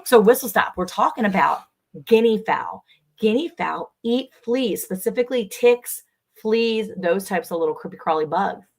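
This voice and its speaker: A woman co-hosts a casual livestream chat, talking freely, greeting viewers by name and reading out their comments. Her medium-pitched voice is animated and moves at a moderate pace.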